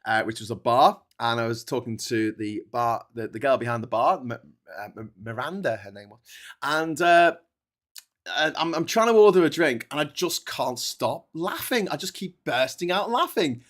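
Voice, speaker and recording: A man hosting a livestream chats through a rambling travel story, frequently stopping mid-sentence to laugh at his own tale. His voice is mid-range and slightly bright.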